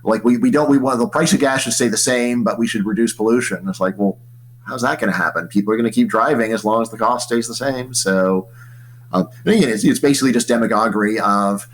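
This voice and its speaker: Middle-aged american econ prof rambling away in an interview, lots of "like, you know", faint hum behind. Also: male voice, mid-range voice, fast talker, poor audio. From United States. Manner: animated and rambling, with many fillers and restarts. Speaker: economics professor. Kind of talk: casual interview conversation.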